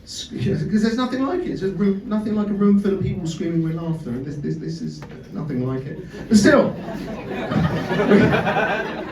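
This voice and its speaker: A man's voice: high voice, animated, moderate pace, gravelly, a little mellow, slight background noise. A man from Britain with a British accent doing a sweary, self-mocking stand-up comedy set in a club, with audience laughter behind him. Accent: British English. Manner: chatty, sweary, self-mocking, stammers on restarts. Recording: roomy live club sound from a distance. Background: audience laughter and chatter.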